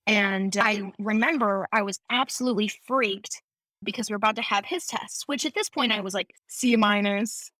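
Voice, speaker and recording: A young woman chatting as a podcast guest, telling animated, quick stories with a laugh. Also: mid-range voice, no echo. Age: young adult. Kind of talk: casual chat.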